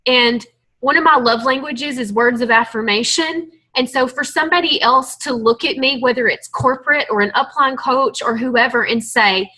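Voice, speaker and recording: A woman's voice: high voice, normal speed, sharp tone, rough recording. A woman leading a team call, giving an earnest, emotional motivational talk to her group. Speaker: team leader on a coaching call.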